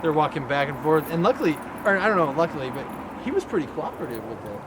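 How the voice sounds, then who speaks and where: A man talks things through at an even, considered pace in a relaxed outdoor chat. His voice is slightly high. Passing cars and street noise come through clearly. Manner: measured, weighs both sides. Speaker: co-host.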